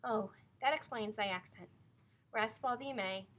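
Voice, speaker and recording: A woman's voice: a little high, moderate pace, fairly bright tone, slight background noise, natural voice. Wary Quaker mother, firm, formal old-fashioned speech, read by a woman in a storybook.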